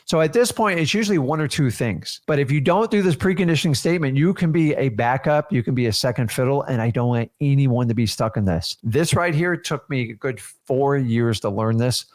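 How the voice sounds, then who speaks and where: A man's voice: medium pitch, lively intonation, brisk, hardly any pauses, darkish tone. A man teaching a seminar as a real estate coach, talking energetically to his students and firing off rhetorical questions.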